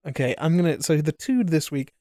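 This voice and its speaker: A man's voice: on the high side, expressive, a little fast, warm tone, dry recording, clean studio sound. A man co-hosting a podcast, chatting loosely about cartoons with swearing and jokes. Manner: loose, profane, jokey banter. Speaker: podcast co-host. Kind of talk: casual chat.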